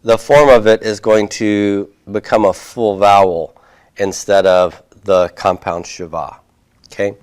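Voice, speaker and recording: A man lectures on Hebrew grammar in a slightly low voice. He speaks slowly and deliberately, with frequent fillers and "okay?" checks as he writes on a board for his students. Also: steady tone, a little mellow. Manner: writes on a board while he talks. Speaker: Hebrew teacher. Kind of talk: recorded classroom lecture.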